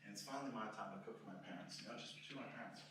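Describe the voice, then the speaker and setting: A man's voice: lowish voice, racing. A young man doing a stand-up comedy set, rambling and self-deprecating, with lots of "you know" in his talk. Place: live comedy venue with audience. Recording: very echoey, distant, noisy live room.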